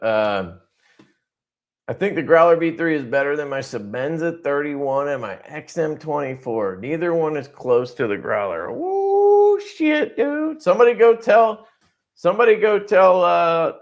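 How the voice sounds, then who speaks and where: A man's voice: fairly high pitch, expressive, slow pace, highs cut off. Rambling, swearing man on a livestream. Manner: rambling, profane, laughs often. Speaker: livestream host. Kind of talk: casual livestream chat.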